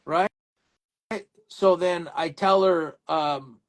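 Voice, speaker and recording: An animated man telling a story from his contracting work, slipping into the voices of himself and a customer. His voice sits a little higher than most men's, and the talk is casual and conversational. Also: moderate pace. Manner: animated storyteller, acts out phone dialogue. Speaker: electrical contractor guest. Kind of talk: casual livestream chat.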